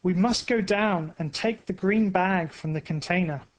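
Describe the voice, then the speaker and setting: A man's voice: sits high, normal speed, lightly acted. A man voicing a short-tempered male thief who barks orders in a storybook reading. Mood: urgent. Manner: barking orders, impatient.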